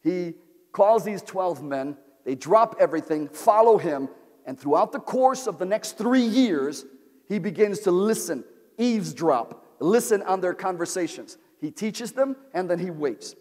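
A man preaching a sermon as pastor, with repetitive call-and-response phrasing that builds to shouts. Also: high-pitched, lively intonation, measured pace. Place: large church sanctuary. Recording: long church-hall reverb.

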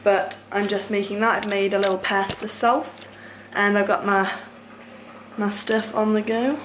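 A woman's voice: medium pitch, steady tone, measured pace, a little hiss or hum. A young woman in her twenties, chatting casually to a handheld camera in a bubbly vlog style. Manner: chatty and bubbly, with sighs of frustration. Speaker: vlogger.

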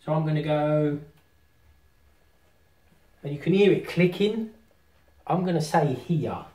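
A man, vlogging casually as he sets up VR at home and talks to himself excitedly. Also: a little high, takes it slowly, distant mic. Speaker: tech vlogger. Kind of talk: casual vlog commentary while setting up VR. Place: house with rooms on two floors. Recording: roomy home room, voice often off-mic.

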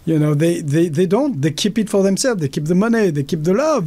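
Speaking fairly quickly with lively intonation, this Frenchman's voice sits high yet carries a dark tone, and there's no echo. As a guest in a heated, passionate talk, he stays blunt and emphatic, acting out quoted speech.

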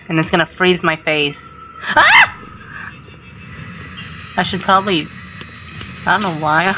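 A woman commenting on her own gameplay, excitable and swearing, with startled shrieks. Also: fairly low pitch, gravelly, low-quality recording. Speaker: gamer. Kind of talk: let's play commentary.

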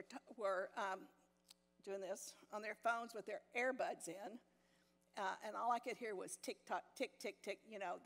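An older woman teaching a women's Bible study, telling a personal story with self-deprecating humor and frequent laughs. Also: medium pitch. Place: church meeting hall. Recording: long hall reverb in a church.

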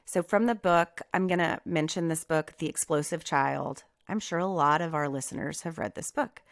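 A woman's voice: low-pitched, no room sound, clean studio sound. A woman in her thirties, a podcast co-host, talking casually about parenting and acting out what she tells her kids.

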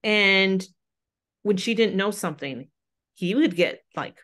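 A woman's voice: mid-range voice, expressive, slow, fairly bright tone. A woman guest, a grief counselor, earnestly recounting her experiences in a casual conversation. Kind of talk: casual chat.

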